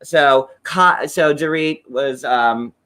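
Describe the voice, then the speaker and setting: A man's voice: a little high, slow, bright, forceful tone, smooth. A man co-hosting a casual recap chat, rambling with lots of fillers and restarts. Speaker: co-host recapping a reality show.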